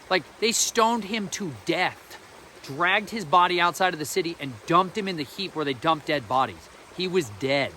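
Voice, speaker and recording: A man with a fairly high voice delivers an informal spiritual teaching in a colloquial, earnest way. He leans hard on his key points. A faint hiss of noise sits behind him. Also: pushed and bright. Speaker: faith podcast host.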